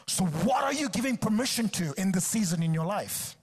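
A man's voice: high-pitched, animated, a little fast, husky. A male guest preacher delivering a sermon at a church service, exhorting with emphatic repetition.

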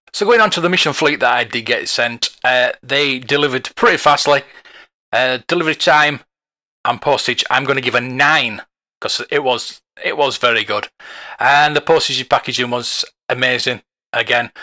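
Chatty bright-voiced man. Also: medium pitch. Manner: chatty, rambling, chuckles often. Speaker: toy collector vlogger. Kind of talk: casual review monologue.

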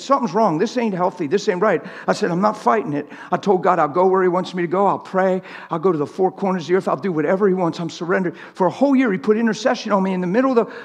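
A man preaching a sermon in a church, impassioned, swinging from loud urgent stretches to hushed, quiet ones. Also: sits high. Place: church sanctuary.

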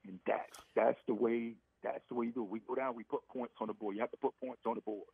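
A man's voice: medium pitch, level tone, quick pace, creaky, husky. A middle-aged former football player, a guest on sports radio, talking casually and emphatically, restarting and repeating his phrases. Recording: dry, tinny phone line.

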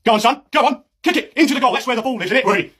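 A man playing a pushy British football dad who yells from the touchline, with a husky, blustering voice, in a comedy sketch. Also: very high voice, very fast, heavily acted. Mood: shouting. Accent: British English. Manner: shouty, blustering, laddish.

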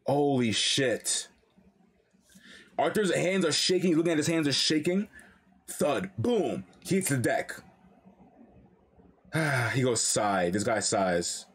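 Excitable husky young man reacting. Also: medium pitch, slow pace, long pauses. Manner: animated, slangy, excitable. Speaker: reaction streamer. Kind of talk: live comic reading reaction.

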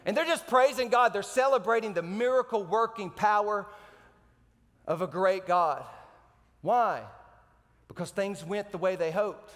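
A man preaching a sermon as pastor, animated and joking between slow scripture readings. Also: high-pitched, long reverb tail. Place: church sanctuary.

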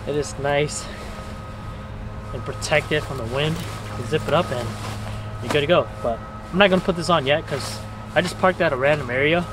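A man vlogging while fishing outdoors, chatty and excitable, talking straight to his viewers. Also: on the high side, normal speed, pauses often. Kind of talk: casual outdoor vlog. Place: outdoors by the water at night in wind. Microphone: camera mic covered against wind. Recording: outdoor mic with loud wind noise.

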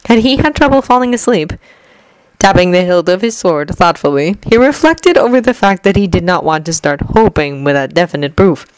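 A woman reading a fanfiction story aloud at a gentle, even pace, lightly acting out the dialogue. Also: lowish voice, normal speed, no echo, low-quality recording. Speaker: fanfiction reader.

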